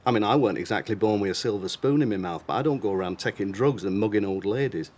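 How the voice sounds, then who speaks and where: Give me an actor doing a blunt, sceptical man in a TV drama. His voice sits fairly low and his tone is matter-of-fact. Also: fast talker, darkish tone, natural voice.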